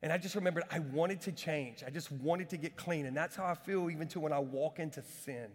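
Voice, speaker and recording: A man preaching a sermon as pastor, telling stories with lively repeats and asides to the congregation. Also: on the high side, brisk. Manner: energetic storytelling with repetitions and asides. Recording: long hall reverb.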